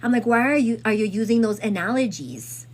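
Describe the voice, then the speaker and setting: A woman host retelling a story in casual chat, rambling and animated, with lots of fillers. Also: on the high side, fairly quick, slight background noise.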